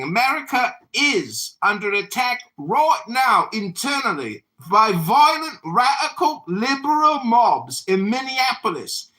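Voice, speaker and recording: A pompous man in a put-on British accent, delivering a ranting campaign speech. His voice is bright and sharp, and his pitch swings widely as he speechifies. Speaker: political candidate. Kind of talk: campaign speech in an online audio room.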